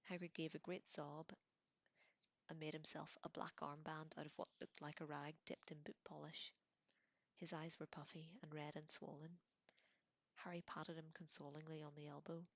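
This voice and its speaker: A woman reading a storybook aloud in a soft, gentle whisper, as a whispered role-play, close to the microphone. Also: sits low, level tone, normal speed, no room sound. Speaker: audiobook reader.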